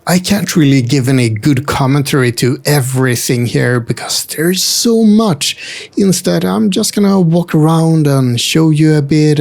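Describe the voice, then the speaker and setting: A man with a gravelly edge to his voice narrates at a relaxed, unhurried pace while walking through a retro game store. He talks in a chatty way, slipping in wry asides and gentle jokes as he films on a handheld camera. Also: medium pitch. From Sweden. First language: Swedish. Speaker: travel vlogger and host. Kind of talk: casual walking-tour narration. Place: indoor multi-floor retro game store.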